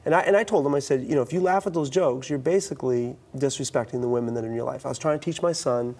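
A middle-aged man from the US East Coast tells stories in a talk-show interview, and his voice has a gravelly texture. His pitch sits in the ordinary middle range for a man. He talks animatedly, restarts his sentences often, and acts out the lines of the people in his stories. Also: rapid-fire. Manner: animated, acts out quoted dialogue, frequent restarts. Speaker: youth speaker.

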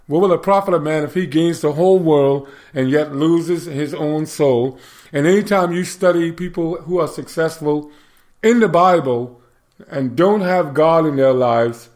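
A man's voice: on the high side, a little mellow. Man preaching moral lessons. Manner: moralizing, measured, repeats words for emphasis. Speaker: host of a Bible commentary show. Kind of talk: preaching-style commentary with scripture readings.

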